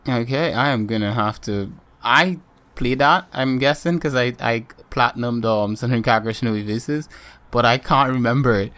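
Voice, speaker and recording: A man's voice: mid-range voice, normal speed, fairly bright tone, smooth. A man co-hosting a casual gaming podcast, chatting in a rambling way with lots of ums. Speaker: podcast co-host.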